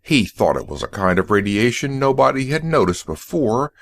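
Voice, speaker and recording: A man reading the lines of a brisk, wry male shop owner in an audiobook, explaining things in a matter-of-fact, lecturing way. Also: medium pitch, sing-song, creaky.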